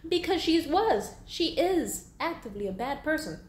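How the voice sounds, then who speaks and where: A woman's voice: high-pitched, very animated, normal speed. A 22-year-old woman venting bluntly and profanely in a candid monologue. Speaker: vlogger. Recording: echoey room with faint background hum.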